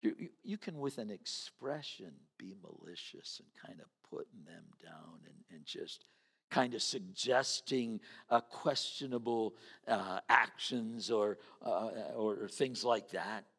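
A man's voice: fairly low pitch, unhurried, vocal fry, a bit bright, husky. A man preaching a sermon in a conversational way, acting out the voices of the people he quotes. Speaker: pastor. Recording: reverberant hall.

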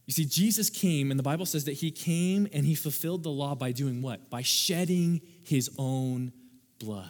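A man preaching a sermon as pastor, animated, acting out little scenes and laughing at his own jokes. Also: a little high, moderate pace. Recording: long hall reverb.

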